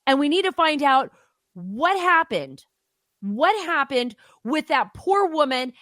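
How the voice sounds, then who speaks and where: A woman's voice: sits high, big pitch swings, slow, a bit bright, dry recording, clean studio sound. A woman hosting political opinion commentary, talking in an impassioned, emphatic way.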